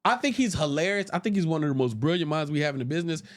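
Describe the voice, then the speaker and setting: A man guesting on a podcast, telling stories casually and jumping into loud, high voices when he quotes people. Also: racing. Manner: animated, jumps into loud high voices when quoting people, restarts often. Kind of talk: casual storytelling. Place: podcast studio.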